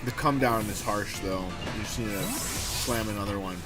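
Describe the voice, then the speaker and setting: A man's voice: on the low side, moderate pace. A man hosting a livestream and chatting casually, ranting animatedly and swearing freely. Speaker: livestream host. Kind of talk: casual stream chat. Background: music.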